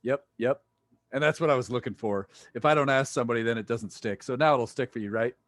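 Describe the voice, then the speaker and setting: A man's voice: mid-range voice, fast, fairly bright tone, dry recording, clean studio sound. A man teaching a physics class over a video call, joking and quizzing his students. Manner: playful, jokey, quizzes students. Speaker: physics lecturer. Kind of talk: online lecture.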